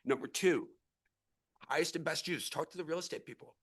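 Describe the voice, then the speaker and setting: A middle-aged real estate investor raised around St. Louis delivers a heartfelt, rambling address to a city council, his voice on the high side and a little fast. He speaks earnestly, often repeating or restarting words.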